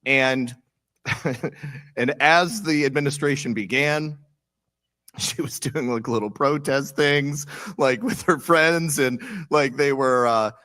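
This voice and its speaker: A man's voice: medium pitch, slow, pushed and bright, no echo. A young man hosting a casual political chat, often breaking into laughter as he tells stories.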